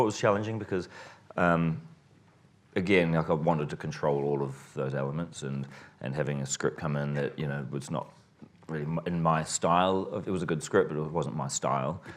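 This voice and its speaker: A man answering interview questions as a filmmaker, relaxed and rambling, often restarting his sentences. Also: extremely low pitch, moderate pace. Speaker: filmmaker guest.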